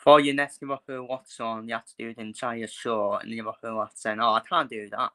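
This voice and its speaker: A man hosting a live football watchalong, talking in a loose, chatty way and repeating his points. He is blunt and swears freely. His voice sounds bright and forceful, with a tense edge. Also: medium pitch, level tone, a little fast. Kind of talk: casual live football commentary.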